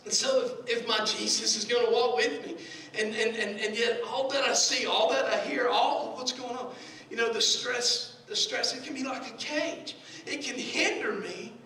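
A man preaching a sermon with passion, repeating words and swinging between quiet pleading and shouting, in a nearly empty church. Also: very high-pitched, steady tone, moderate pace, a little hiss or hum. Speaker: pastor. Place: large near-empty church. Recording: very echoey church from far off.

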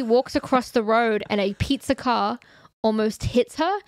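Animated high-voiced woman podcast co-host. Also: normal speed, no room sound. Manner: animated, swears freely, laughs often. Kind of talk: casual chat.

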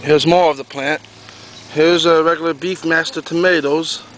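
Guy walking his pumpkin patch w a camera, bit high voice, repeats himself a lot. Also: fairly even intonation, normal speed, fairly bright tone, slight background noise, rough recording. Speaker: pumpkin grower. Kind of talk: casual garden video tour. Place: outdoors in a garden.

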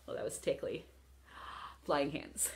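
A woman leading a children's storytime at home, reciting poems in a playful sing-song way, chuckling as she goes, with a ukulele behind her. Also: unhurried.

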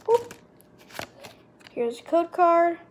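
High-voiced excitable woman opening cards. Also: slight background noise. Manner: excitable, gushing over pulls, lists cards quickly. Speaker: card unboxing vlogger. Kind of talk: casual unboxing commentary. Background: card and wrapper crinkling.

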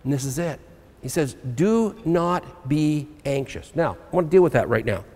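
A man's voice: on the high side, lively intonation, normal speed, darkish tone. A man preaching a sermon as pastor, earnest and personal, reading scripture and telling his own story. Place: church sanctuary. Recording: long hall reverb.

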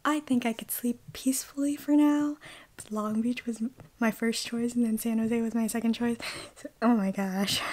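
Excited high-voiced teen girl vlogging. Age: high school senior, about 18. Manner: excited and gushing, close to tears, often whispering. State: sleepy, just woke up. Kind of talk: casual video diary. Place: bedroom, in bed.

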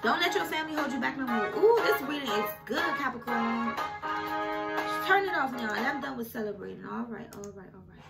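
A woman's voice: fairly high pitch, lively intonation, brisk, gravelly. A woman doing a casual tarot reading who talks straight to her viewers and gets emotional. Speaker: tarot reader. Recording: music playing behind her.

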